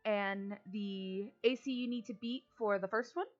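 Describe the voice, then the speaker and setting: A woman's voice: medium pitch, steady tone, a little slow, dull audio, faint music behind. A woman running a tabletop game as game master, talking casually with many fillers.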